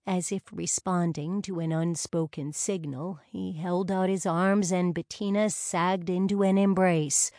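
A woman reads a novel aloud in a measured, unhurried way. Her voice sits on the low side and her pace is very slow. The recording is dry and close with no room sound. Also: fairly even intonation, darkish tone, dry recording. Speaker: audiobook narrator. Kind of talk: scripted narration.

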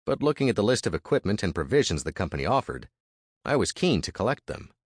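Deep, lively male storyteller, dry close recording. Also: quick pace, breathy edge, no echo. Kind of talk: first-person audiobook narration.

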